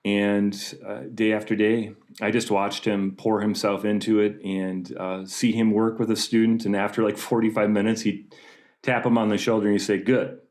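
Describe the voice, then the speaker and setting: Band teacher guy from wisconsin, lowish voice, earnest and humble. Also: level tone, moderate pace, a little mellow. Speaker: middle school band teacher, panel guest. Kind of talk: casual panel chat.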